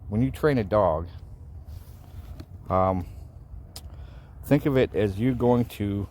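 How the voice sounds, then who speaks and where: A man's voice: lowish voice, slow, a little mellow. A man explaining dog training in a casual, folksy way, often checking in with "right?". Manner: folksy, repeats himself, asks "right?". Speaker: dog owner teaching training. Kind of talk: casual instructional vlog.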